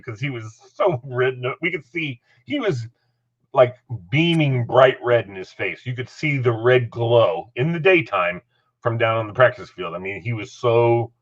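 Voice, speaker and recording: A middle-aged man with a mid-range voice hosts a casual chat, telling a story full of laughter and acted-out voices in an animated way. The recording has its highs cut off.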